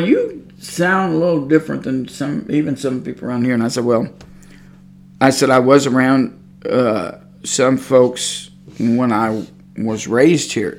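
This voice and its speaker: A man with a Texan accent hosting a religious podcast, telling stories in a folksy, meandering way with many fillers. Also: mid-range voice. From Texas. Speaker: podcast host. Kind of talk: rambling religious podcast talk.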